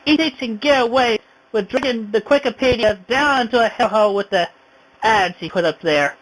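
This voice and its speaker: A woman's voice: fairly high pitch, fairly quick, slight background noise, low-quality recording. A woman vlogging an indignant, rambling rant, sighing often. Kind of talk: ranting home vlog.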